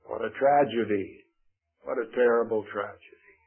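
A man preaching a sermon in an earnest, emphatic way, pausing heavily to stress his points. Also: mid-range voice, steady tone, husky, faint music behind. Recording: tinny phone-like radio broadcast.

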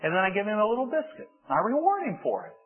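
A man telling a story in a sermon to children, animated and acting it out. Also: high-pitched, fast, soft background music. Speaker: preacher giving a children's talk. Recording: tinny phone-like sound.

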